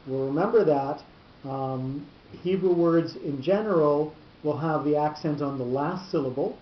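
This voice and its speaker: A teacher giving a lesson on cantillation notes, explaining slowly and often repeating words as he goes. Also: mid-range voice, reverberant, highs cut off, a little hiss or hum. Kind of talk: lecture on cantillation.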